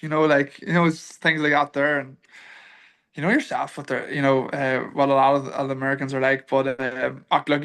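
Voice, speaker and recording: A man's voice: medium pitch, a bit bright. A young Irish man, a guest on a podcast, telling stories in an easygoing way with many restarts. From Ireland. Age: young adult. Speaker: guest, football kicker. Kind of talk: casual podcast interview.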